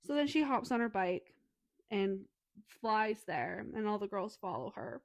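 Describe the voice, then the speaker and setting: A woman's voice: mid-range voice, no room sound. Casual woman retelling a plot, dry mic. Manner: retells scenes quickly, swearing, acting out lines. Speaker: podcast co-host. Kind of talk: casual book review chat.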